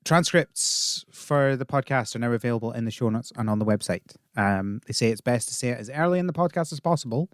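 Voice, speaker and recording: A man's voice: medium pitch, a little fast, few pauses. A man co-hosting a podcast with a dry, wry way of talking. He is close to the mic in a dead, dry room with no echo at all. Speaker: podcast co-host. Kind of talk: casual podcast chat.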